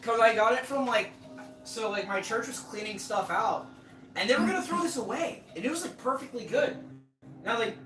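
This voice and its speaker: A man's voice: sits high, animated, bright, forceful tone, soft background music, rough recording. A man chatting casually at home as a guest, giggling and poking fun at himself. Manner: giggly, self-mocking, quick to laugh. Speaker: guest, host's brother. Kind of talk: casual chat.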